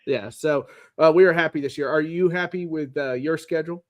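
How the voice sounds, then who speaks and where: A man's voice: fairly high pitch, brisk, no echo. A man hosting a sports podcast, chatting casually with playful, joking banter. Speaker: podcast host.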